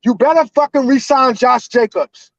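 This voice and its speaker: Loud, high-voiced man ranting. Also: normal speed, no echo, dull audio. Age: 40s. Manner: loud, emotional and profane. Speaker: caller. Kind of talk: heated fan rant on a live call-in show.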